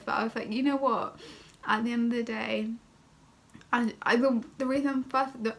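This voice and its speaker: A woman's voice: fairly high pitch, fairly bright tone. A young woman telling a casual story-time vlog, chatty and full of fillers, tired and still recovering. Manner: chatty, many fillers like "like" and "oh my God". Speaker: vlogger.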